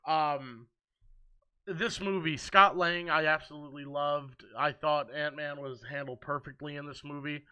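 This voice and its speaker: A man's voice: on the high side, fairly even intonation, measured pace, bright, forceful tone, clear, resonant tone. A man in his twenties chatting casually and earnestly as a movie review vlogger, with frequent ums. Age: 20s. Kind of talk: casual ranking chat.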